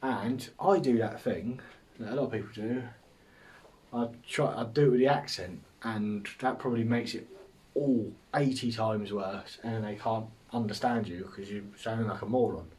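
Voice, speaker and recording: A man's voice: lowish voice, moderate pace, darkish tone, recorded from a distance. An English man hosting a podcast, rambling through a casual comic monologue, swearing and mocking himself as he goes. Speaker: podcast host.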